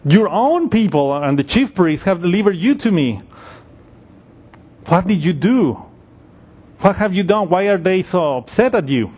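A man's voice: sits high, expressive, unhurried, long pauses, a little mellow, slightly rough, full character voice. A man preaching a sermon voices an exasperated Roman governor, firing off impatient, dismissive questions.

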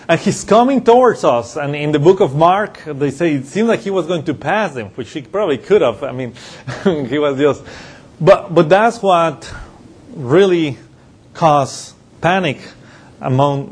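A man delivers a Bible-teaching sermon in a relaxed, conversational manner, often circling back on his phrases. His voice sits a little high for a man and has a husky edge. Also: unhurried. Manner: conversational with frequent restarts and chuckles. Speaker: pastor.

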